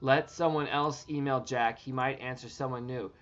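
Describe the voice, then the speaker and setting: A man's voice: mid-range voice, fairly even intonation, normal speed, fairly bright tone. A man chatting casually on a livestream while typing, rambling and swearing freely and repeating his words, on dull lo-fi audio with faint music behind.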